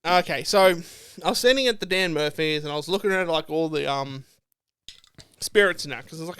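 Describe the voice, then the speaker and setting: A young man co-hosting a podcast, chatting casually over drinks and telling stories in an animated, sweary way. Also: on the high side, a little fast, clear, resonant tone. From Australia. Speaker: podcast co-host.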